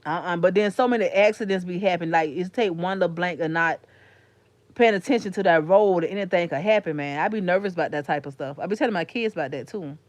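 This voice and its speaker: Talking at a quick pace in a low voice, a Florida YouTuber with the local accent rambles casually to her live chat, calling viewers honey and sugar. There's no room sound in the recording.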